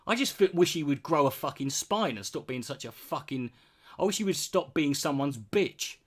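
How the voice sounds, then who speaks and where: A man's voice: a little high, lively intonation, normal speed. Profane British man ranting. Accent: British English. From Britain. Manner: blunt, profane, sarcastic. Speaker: streamer answering chat. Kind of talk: casual ranting chat.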